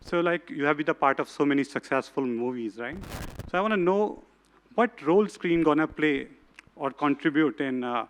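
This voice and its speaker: Halting man. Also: on the high side, slight background noise, low-quality recording. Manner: halting, formal question. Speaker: audience member asking a question.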